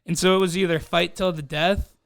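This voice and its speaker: A man's voice: sits high, brisk, gravelly, clear, resonant tone, dry recording, clean studio sound. Profane young man telling a wild story. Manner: profane, animated, acts out quoted voices. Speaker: podcast co-host. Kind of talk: casual storytelling among friends.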